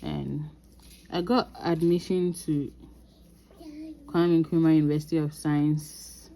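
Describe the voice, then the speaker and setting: A woman with a Ghanaian accent telling a story from her own life in a casual vlog, animated and laughing often. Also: low voice, takes it slowly. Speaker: crafting vlogger.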